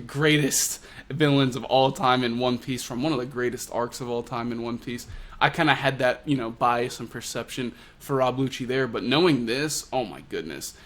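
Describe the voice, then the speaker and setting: A man's voice: mid-range voice, a bit bright. A man giving a casual, enthusiastic review of a comic chapter, retelling scenes. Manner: enthusiastic, retelling with acted quotes. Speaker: manga reviewer.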